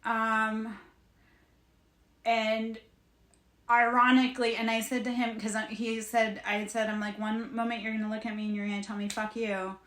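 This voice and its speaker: Blunt, animated woman in an echoey room. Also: on the high side, moderate pace. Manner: blunt and animated, swearing casually. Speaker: spiritual reader and livestream host. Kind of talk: casual livestream chat. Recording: roomy, echoey room sound.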